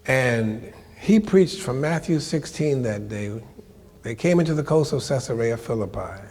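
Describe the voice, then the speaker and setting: An older man telling a story from his life to a live audience, animated and colloquial, acting out the voices of the people in it. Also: medium pitch, measured pace, long reverb tail. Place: lecture hall before an audience.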